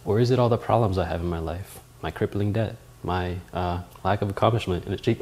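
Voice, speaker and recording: A man with a lowish voice talks fast, barely pausing, over a slight hiss or hum. Hosting a casual cooking vlog, he narrates his cooking with jokes and self-mockery, now and then letting out loud, startled outbursts.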